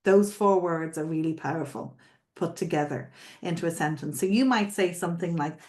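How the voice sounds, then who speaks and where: A sales coach teaches florists how to sell, speaking at a normal speed in a lowish, somewhat dark voice. She explains things conversationally, repeating points and often checking in with her listeners.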